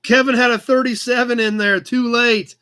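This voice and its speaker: A man's voice: extremely high pitch, steady tone, normal speed, pushed and bright. A man hosting a casual livestream auction, chatty and upbeat as he calls out bids. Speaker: live auction host.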